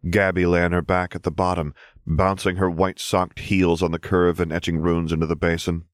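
Man, audiobook narrator, very low voice, measured storytelling, dry close sound. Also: flat delivery, no room sound. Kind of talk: scripted narration of fan fiction.

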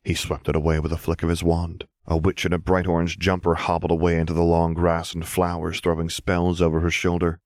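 A man reads fiction in a steady, even storytelling voice. His pitch sits very low. The recording is dry, close and without room sound. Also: a little fast, few pauses, no echo. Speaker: audiobook narrator. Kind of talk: scripted fiction narration.

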